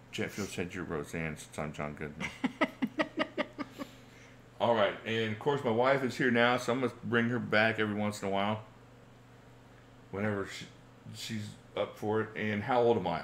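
There's slight background noise as a man in his forties hosts his channel's casual livestream Q&A. Sitting on the low side with a fairly bright tone, he chats, reads questions from viewers aloud and chuckles a lot.

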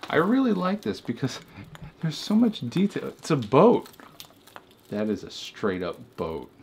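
A young man, a comedy vlogger, gives a mock-serious review at home beside a Christmas tree while a friend holds the camera. His medium-pitched voice swings hugely in pitch, unhurried, with vocal fry and a slightly mellow quality. He rambles into asides and apologizes for them, and there's a little hiss or hum.

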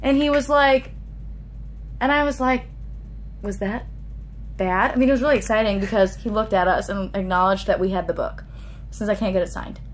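A young woman vlogger, a little tipsy, excitedly retelling a story to camera with lots of fillers. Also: medium pitch, fairly quick, a little hiss or hum.

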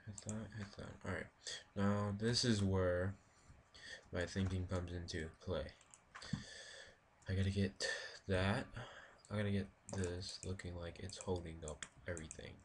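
A man's voice: deep voice, steady tone, a little slow, slight background noise. A man giving casual let's-play commentary, rambling and thinking aloud as he builds, talking to his viewers. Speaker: gaming video creator.

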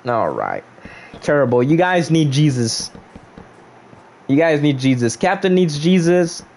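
A man's voice: a little high, sing-song, unhurried, a little mellow, a little hiss or hum. A young man casually chatting on a gaming livestream, reading viewers' chat aloud and joking back at them.

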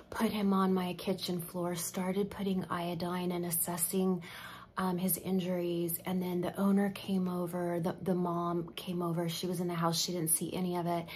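A middle-aged woman with a somewhat low voice tells an emotional story in casual vlog chat as she does her makeup. She sinks to a near whisper at the tense moments. A faint hiss sits under the recording. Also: a little mellow. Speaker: makeup vlogger.

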